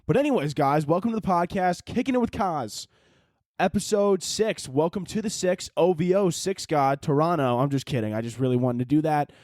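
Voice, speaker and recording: Young male podcast host, rapid, rambling, profane comic chatter, dry close sound. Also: a little high, a little mellow, dry recording. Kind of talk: casual comedic monologue.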